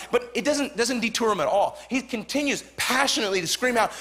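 Male pastor in his forties, Southern Californian accent, high bright voice, fervent sermon delivery with repeated lines. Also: lively intonation, fast, hardly any pauses. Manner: fervent, repetitive, rising to shouts.

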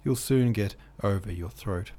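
A man reading aloud and voicing a reserved young man who speaks coldly and gravely. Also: lowish voice, unhurried, mellow. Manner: cold and grave. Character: cold, reserved young man, a former medical student.

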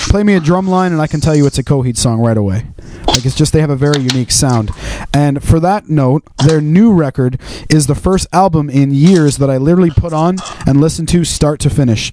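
A man's voice: a little high, warm tone, a little hiss or hum. A young man co-hosting a podcast, chatting casually and enthusiastically. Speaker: podcast co-host. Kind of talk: casual chat.

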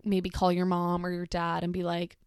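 A young woman casually telling a personal story, chatty and animated, filling her sentences with "like". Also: fairly low pitch, normal speed, smooth, no room sound, studio quality. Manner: chatty, heavy use of "like", animated retelling.

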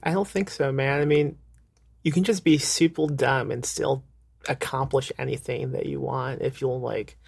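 A man's voice: medium pitch, steady tone, moderate pace, creaky, slightly rough, no echo, studio quality. Wry, laid-back male author on a podcast. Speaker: guest author. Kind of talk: casual podcast chat.

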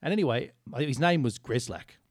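A man with an Australian accent co-hosting a podcast, chatting in a relaxed, rambling way with dry humour. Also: mid-range voice, normal speed, dry recording. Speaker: podcast co-host. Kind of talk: casual chat.

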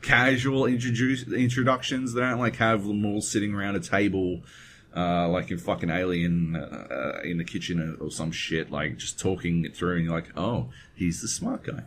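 Male podcast co-host, very low voice, profane and digressive, faint background hiss. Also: little pitch movement, moderate pace, a bit bright. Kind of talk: casual chat. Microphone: webcam setup at home desk.

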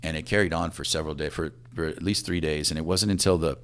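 Speaking in a very deep voice with fairly even intonation, a man in his fifties who serves as a police assistant chief recounts a personal story. He halts and reflects as he goes, his words frequently fading out quietly.

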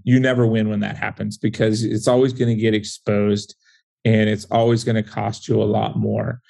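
A man's voice: fairly low pitch, gravelly, darkish tone. A man, a former police officer turned real estate investor, explaining in a casual podcast conversation with stories and frequent "right?" asides.

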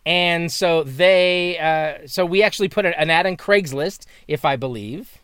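Man, guest co-host, casual chat, rambling restarts, deadpan jokes, smooth clear voice, dry close sound. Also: fairly high pitch, unhurried, no echo. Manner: rambling, self-interrupting, playful deadpan jokes.

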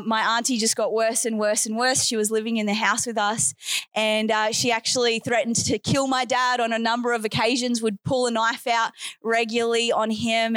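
High-voiced Australian-accented woman preaching. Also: a bit bright, no echo. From New Zealand. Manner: fervent, with frequent fillers and asides. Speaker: guest evangelist preacher. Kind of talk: prayer and sermon to a congregation. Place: church service.

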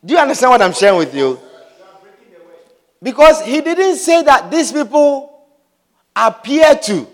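A man's voice: extremely high pitch, sing-song, measured pace, pauses often. A pastor preaching a sermon. He repeats key phrases for emphasis and keeps asking the congregation whether they understand.

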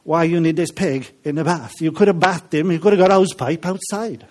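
A man putting on a Welsh accent to voice a puzzled friend in a funny story, loud and questioning. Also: a little high, brisk, natural voice. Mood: exasperated.

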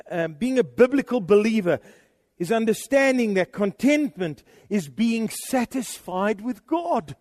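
Preacher, male, high and lively, big hall reverb, shouts his points. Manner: animated, preachy, swings from quiet asides to shouting. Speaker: pastor. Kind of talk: sermon.

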